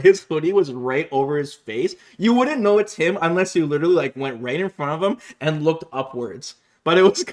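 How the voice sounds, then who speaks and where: A young man hosting a gaming video, telling stories casually and animatedly, often laughing and acting out other people's lines in high voices. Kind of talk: casual storytelling to camera.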